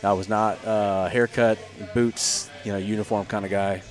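A man in his thirties with a fairly low voice tells his army stories in a relaxed, chatty way, jumping into the voices of the people he quotes. He swears casually and keeps a loose, joking flow. Faint music plays quietly behind him. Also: normal speed. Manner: animated storyteller who acts out quoted voices, swears freely. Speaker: podcast guest, former Army Ranger and Green Beret. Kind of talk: casual storytelling chat.

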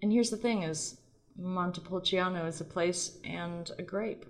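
Woman, podcast host, casual solo chat, lowish voice, playful, rambling. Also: measured pace. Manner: rambling, playful, self-deprecating.

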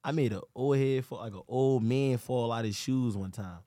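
A man's voice: medium pitch, normal speed, no room sound, studio quality. A young man with a Philadelphia accent, a rapper guest joking and telling stories in casual podcast chat. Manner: playful, joking, lively storytelling.

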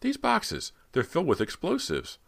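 A man reading a frightened teenage girl in an audiobook, raising his voice into pleading, shrill cries. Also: a little fast, fairly bright tone.

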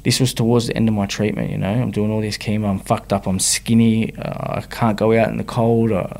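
Gravelly Australian man telling his story. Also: on the low side, little pitch movement, fairly quick, darkish tone. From Sydney, Australia. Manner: frank, slangy, often adds "you know what I mean". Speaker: guest, rapper. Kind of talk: candid personal storytelling.

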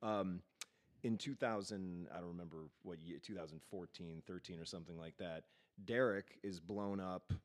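A podcast co-host with a very low male voice who reminisces in an easygoing way. He often trips over his words, repeating and restarting as he goes. The tone stays relaxed and conversational. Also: moderate pace. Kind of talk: casual chat.

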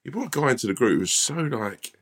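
A man co-hosting a podcast, chatting casually with expressive, quick reactions. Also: medium pitch, dry recording, studio quality. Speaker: podcast co-host. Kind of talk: casual chat.

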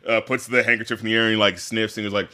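A man in casual conversation, rambling with many fillers and acting out scenes in quick impressions. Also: lowish voice, little pitch movement, pushed and bright. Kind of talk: casual movie discussion.

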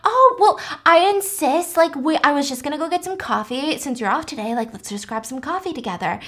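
A woman's voice: high voice, lively intonation, brisk, fairly bright tone, voice pushed up. A woman voicing a gushing, overly insistent young wife in a story recap, with bubbly, pushy politeness.

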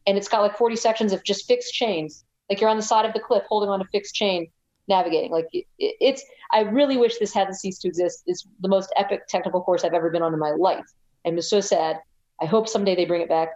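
An American woman telling a story as a guest in a casual interview, chatty and animated, with frequent restarts. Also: mid-range voice, quick pace, dull audio. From United States. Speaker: guest, ultrarunner.

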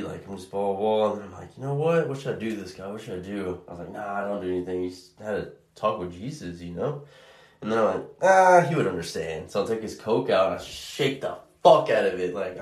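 A man's voice: fairly low pitch, a little fast, echoey room. A man, a food delivery driver, telling a casual story with lots of swearing and exasperation, acting out both sides of the conversations. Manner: profane, exasperated, acts out both sides of dialogue.

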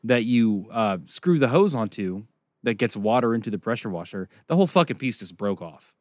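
A man's voice: lowish voice, big pitch swings, normal speed, dry recording, clean studio sound. A man co-hosting a casual comedy podcast, telling rambling, profane stories full of fillers. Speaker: podcast co-host.

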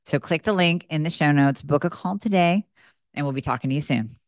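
A woman's voice: brisk, no room sound, clean studio sound, lightly acted. A woman, the show's host, reading a persuasive, reassuring scripted ad for her practice. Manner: persuasive, reassuring sales pitch. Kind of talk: scripted ad read.

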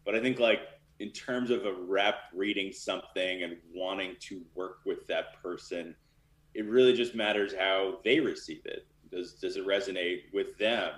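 A man's voice: sits low, normal speed, fairly bright tone, echoey room. A man talking casually and candidly as a guest in an interview, with lots of fillers. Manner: loose and candid, many fillers. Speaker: literary manager.

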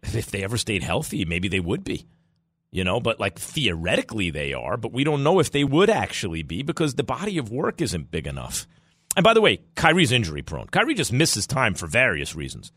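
A man from New York hosting a sports talk radio show, rambling in an animated way with quick asides. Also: mid-range voice, no echo.

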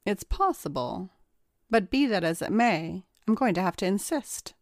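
A woman's voice: mid-range voice, expressive, normal speed, no room sound, studio quality, natural voice. A woman voicing a stubborn, imperious woman on trial who speaks curtly and insists on her way. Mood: haughty. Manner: curt, haughty, insistent.

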